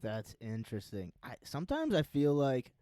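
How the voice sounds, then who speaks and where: A man hosting a podcast who chats casually and reacts to his guest with short, relaxed replies. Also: mid-range voice, normal speed, dry recording. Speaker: podcast host. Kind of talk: casual chat.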